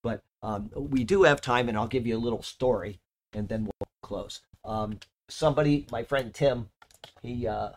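A man delivering a sermon, moving from earnest teaching with strong emphasis into relaxed, chatty asides. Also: medium pitch, moderate pace, slight background noise. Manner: earnest, lively emphasis, drifts into casual asides. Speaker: preacher.

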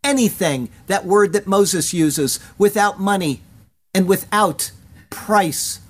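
A Bible teacher delivering a verse-by-verse commentary in a measured, deliberate cadence. He leans on key words for emphasis and carefully sounds out Hebrew phrases between the scripture readings. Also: medium pitch, animated.

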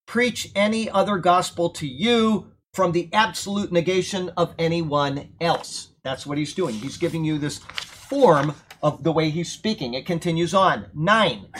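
A man's voice: high-pitched, a bit bright. Conversational man preaching a verse-by-verse sermon. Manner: conversational, emphatic, checks in with listeners. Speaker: preacher teaching from Bible.

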